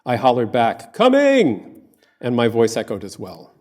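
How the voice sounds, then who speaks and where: Male academic lecturer reading a paper live to an audience, measured, literary delivery. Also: medium pitch, fairly even intonation, a little mellow.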